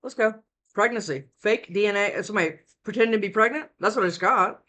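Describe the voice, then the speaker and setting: A woman's voice: mid-range voice, fast, fairly bright tone. A sleep-deprived woman reads tarot for her viewers from home, talking into a close mic. She rambles, trails off and starts her sentences over. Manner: rambling, with frequent restarts. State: worn out from lack of sleep. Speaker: tarot reader. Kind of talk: casual tarot reading to camera. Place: indoors at home. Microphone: desk mic, close.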